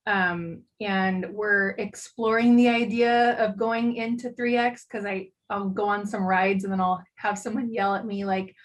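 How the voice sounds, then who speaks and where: A woman's voice: medium pitch, steady tone, unhurried, hardly any pauses, low-quality recording. A woman taking part in a casual interview over a video call, chatting about her products with plenty of "um"s. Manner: chatty, explains products with fillers. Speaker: guest, glove company owner.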